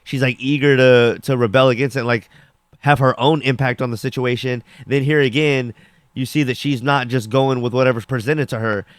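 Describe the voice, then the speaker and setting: A man's voice: medium pitch, steady tone, fairly quick, dry recording, studio quality. A young man casually reviewing a TV episode, rambling with lots of fillers and acting out characters' lines as he recaps. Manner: rambling, filler-heavy with frequent "like".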